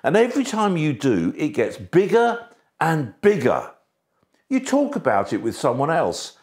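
Animated male preacher with a lively voice. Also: on the high side, measured pace. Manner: emphatic, shifts between soft and raised delivery. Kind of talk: sermon.

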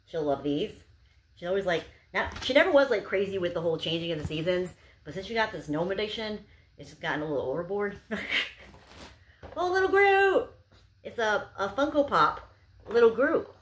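A woman's voice: fairly low pitch, lively intonation, brisk, a bit bright, a little hiss or hum. A young woman chatting casually to camera as she unboxes gifts, gushing and bubbly, with lots of "like"s. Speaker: unboxing vlogger.

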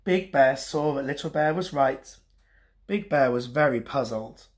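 A man and teacher reading a bedtime story to children in a gentle, expressive way. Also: medium pitch, a little slow.

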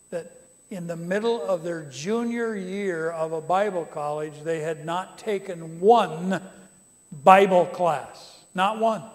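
A man preaching to a congregation, animated and rising to loud emphatic calls. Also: on the high side. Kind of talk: sermon to a congregation. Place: conference center hall. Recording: long reverb of a large hall.

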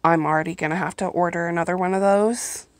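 A woman's voice: on the low side, fairly even intonation, quick pace, no room sound. A woman chatting casually through a home unboxing on her phone, gushing and apologetic, often stretching out her words. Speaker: vlogger reviewing products. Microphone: phone held in hand, then set down.

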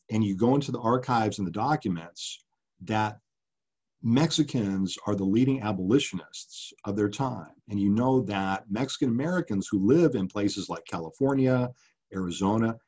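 Earnest, husky-voiced man lecturing. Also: fairly low pitch, animated, normal speed, a little mellow. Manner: earnest, impassioned, many ums and uhs. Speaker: author giving a public talk. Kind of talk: public lecture with slides.

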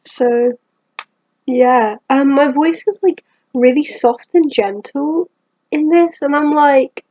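A woman's voice: high voice, takes it slowly, mellow, no echo, highs cut off. A woman doing a voice-over on her own old clips, teasing herself bluntly while keeping her voice down late at night. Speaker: vlogger. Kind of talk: self-mocking voice-over commentary.

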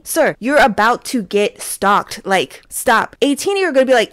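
A woman's voice: a little high, normal speed, few pauses, no echo. Gushing woman in dry close recording. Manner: animated, gushing, playful impressions. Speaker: host. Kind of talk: casual fan commentary. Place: small closet.

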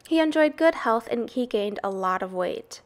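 A woman reading a children's storybook aloud in a measured, expressive way. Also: a little high. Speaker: reader.

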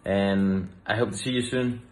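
A man loudly and cheerfully sending holiday greetings. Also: lowish voice, steady tone, moderate pace. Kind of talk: video greeting message. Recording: faint background noise.

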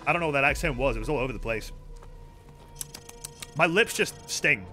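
A man's voice: mid-range voice, expressive, a little fast, sharp tone, faint music behind. A young man streaming a video game with rambling, joking, profane commentary. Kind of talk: casual gameplay commentary.

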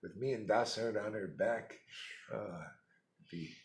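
A man's voice: fairly low pitch, a little slow. A man giving a rambling, blunt spiritual talk, mocking and laughing often. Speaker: spiritual teacher. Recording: echoey room.

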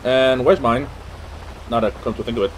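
A man's voice: mid-range voice, fairly even intonation, moderate pace, a little hiss or hum. A man giving casual gameplay commentary, mumbling to himself and hesitating. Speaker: let's play gamer.

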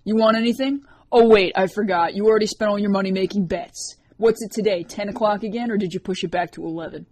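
A loud, crude teenage boy yells his lines in a high, strained voice, as a woman reading the story puts him on. He sounds excitable and rough, like a high school kid from a storybook. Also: fast talker, natural voice. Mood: teasing.

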